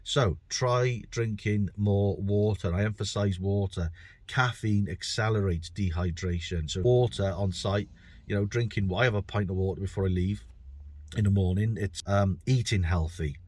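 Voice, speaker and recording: A man's voice: fairly low pitch, normal speed, darkish tone. Chatty middle-aged British tradesman. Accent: British English. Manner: chatty, rambling, repeats words while thinking; self-deprecating. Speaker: bricklayer and podcast host. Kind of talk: casual podcast monologue.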